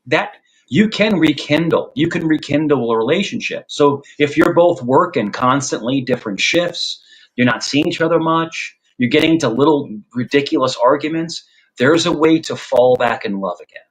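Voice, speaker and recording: A man's voice: a little high, normal speed, low-quality recording. A man from the United States in a casual chat, earnest and repeating himself for emphasis. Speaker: host.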